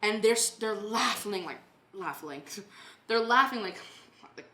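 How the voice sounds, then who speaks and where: A woman's voice: medium pitch, animated, normal speed, a bit bright, roomy sound. A woman hosting a podcast who tells stories bluntly and swears a lot. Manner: blunt storytelling, heavy swearing. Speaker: podcast host and renovation company owner. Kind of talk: casual podcast chat.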